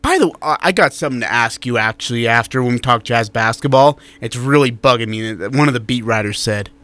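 A man co-hosting a sports talk radio show, chatting in a blunt, animated way and reading out listener texts. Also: mid-range voice, a little fast, no room sound.

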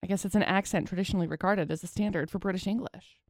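A woman's voice: fairly low pitch, steady tone, very fast, darkish tone, no room sound, clean studio sound. A woman from Utah co-hosting a radio show, teasing and playful in casual banter.

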